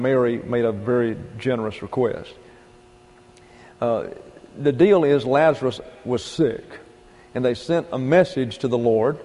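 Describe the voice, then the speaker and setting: Folksy preacher with a mellow voice in a reverberant hall. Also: male voice, mid-range voice. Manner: folksy, emphatic preaching with rhetorical questions. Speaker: pastor. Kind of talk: sermon.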